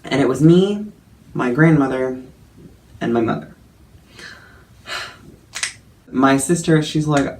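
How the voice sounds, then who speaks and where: Chatty young man with a gravelly voice. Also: mid-range voice, fairly even intonation, measured pace, pauses often, a little mellow, slight background noise. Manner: chatty, filler-heavy, self-mocking, laughing. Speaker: vlogger. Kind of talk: casual storytelling vlog.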